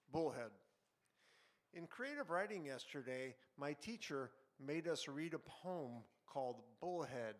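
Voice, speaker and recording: A man in a broadcast studio reading a short story he wrote, with relaxed, conversational asides and filler words between passages. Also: a little high. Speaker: author reading his own fiction. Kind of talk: live fiction reading with casual asides.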